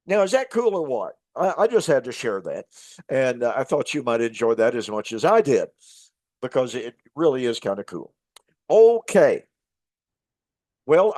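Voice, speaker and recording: A man's voice: mid-range voice, a little mellow, no echo. An older man, a minister hosting his show, telling a casual story to viewers with many fillers and restarts. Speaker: host, minister.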